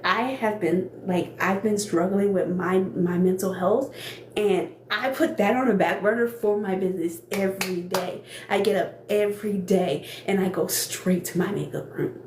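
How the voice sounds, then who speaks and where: A woman's voice: medium pitch, normal speed. A young woman chats casually and earnestly on a phone live stream, laughing often and circling back over her words. She is emotional, close to tears. Her voice rings in an echoey room with a faint hiss of noise behind it. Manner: chatty and earnest, laughs often, repeats herself. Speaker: small cosmetics business owner hosting a live stream. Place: indoor room, makeup workspace.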